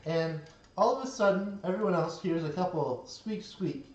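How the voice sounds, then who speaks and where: A relaxed game master narrating a tabletop game, laughing often and stopping on many small fillers. The voice sits at an ordinary middle pitch. It comes from some way off the mic in a roomy, echoing space, and the sound is dull. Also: moderate pace. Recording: roomy, distant, dull recording.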